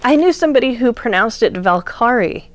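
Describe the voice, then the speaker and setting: A woman hosting a craft channel chats casually while unboxing yarn, gushing over it and using plenty of fillers. Her voice is mid-range and her pace measured.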